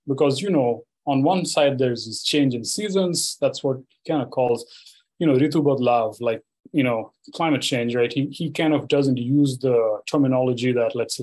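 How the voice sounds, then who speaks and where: A man's voice: medium pitch, a little mellow, poor audio. A man giving a university lecture, telling a field anecdote in a loose, conversational way full of "you know" and "right?". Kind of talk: storytelling academic lecture.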